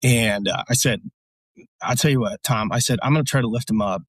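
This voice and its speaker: A man's voice: mid-range voice, a little fast, husky, dry recording. A man, a military veteran guest, telling a story casually in a blunt, profane, rambling way with lots of fillers.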